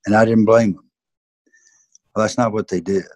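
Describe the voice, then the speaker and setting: Older Southern man, husky and earnest. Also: lowish voice, fairly even intonation, moderate pace, darkish tone, dry recording. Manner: earnest, emphatic. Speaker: former football coach, interview guest. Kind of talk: reflective storytelling in an interview.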